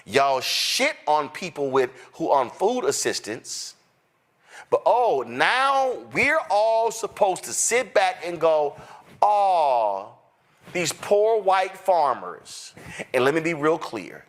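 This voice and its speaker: Male host, sarcastic and fiery, unhurried and emphatic. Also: on the high side, very animated, a bit bright. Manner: fiery, sarcastic, mocking impressions. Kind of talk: animated political commentary.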